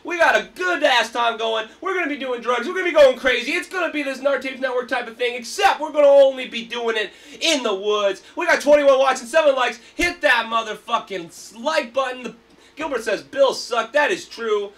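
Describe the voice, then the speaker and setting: A man hosting a casual livestream, rolling from chat into hyped, profane rants. His voice sits high with a bright, sharp edge. He sounds a little away from the mic. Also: a little fast, far from the mic. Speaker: livestream host.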